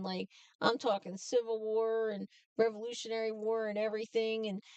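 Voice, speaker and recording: A chatty woman vlogger tells family stories and laughs through them. Her voice sits a bit high. She sounds a little away from the mic in a dry room. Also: clear, resonant tone, no room sound, distant mic. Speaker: trucking vlogger. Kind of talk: casual storytelling.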